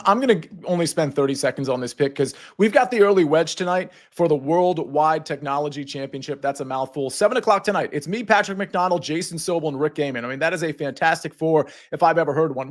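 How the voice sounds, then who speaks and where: A man's voice: on the high side, fast, hardly any pauses. A man hosting a sports betting show, casually reading out viewer questions and passing them to his panel. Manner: upbeat, reads chat questions aloud. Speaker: show host.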